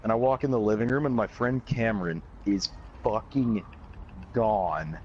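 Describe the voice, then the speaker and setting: A man's voice: medium pitch, fairly quick, highs cut off. A young man with a Canadian accent casually telling a rambling party story, swearing constantly. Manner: profane, rambling, laid-back. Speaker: YouTuber. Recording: loud background noise.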